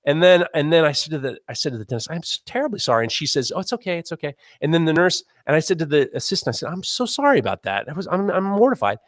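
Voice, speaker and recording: A man in his forties telling a self-mocking story in casual chat, animated and swearing as he talks. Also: fairly high pitch, quick pace, few pauses, no echo, studio quality. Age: 40s. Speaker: podcast host.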